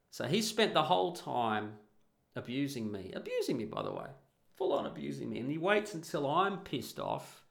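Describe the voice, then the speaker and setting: A man's voice: a little high, gravelly, fairly bright tone. A middle-aged man telling a casual anecdote in a blunt, profane, emphatic way. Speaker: storyteller.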